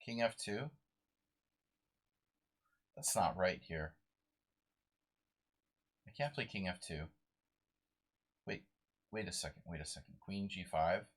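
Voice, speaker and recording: A man's voice: low voice, expressive, takes it slowly, long pauses. A sleep-deprived man streaming a live chess game, muttering moves to himself and chatting with viewers.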